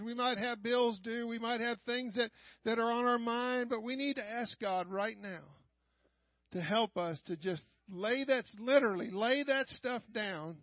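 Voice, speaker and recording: An older man with a high-pitched voice leads fervent prayer and preaching at a church service, frequently shouting and repeating lines of praise. The recording is muffled, with no echo.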